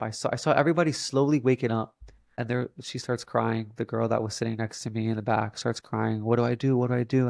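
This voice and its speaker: A man's voice: mid-range voice, vocal fry, no room sound, clean studio sound. A young man telling a personal story in a casual, earnest way, often saying "like" as a filler. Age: young adult. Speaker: podcast guest.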